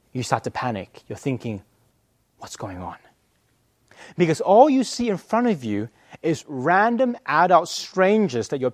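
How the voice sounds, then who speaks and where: Male pastor, fairly high voice, dramatic storytelling sermon, swings from hushed to emphatic. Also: no echo.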